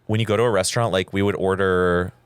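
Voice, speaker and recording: A man in his forties, low-voiced and profane, spins stories and teases his co-host on a casual podcast. The sound is dry and close, with no room around it. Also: steady tone, fast talker, clean tone, no echo. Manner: profane, storytelling, teasing. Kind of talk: casual chat.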